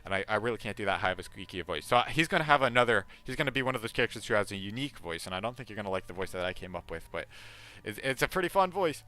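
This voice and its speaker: Guy streaming a game live, bright punchy voice, jumps around a lot, thinks out loud. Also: rapid-fire. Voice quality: deep voice by his own account. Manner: excited, thinking aloud.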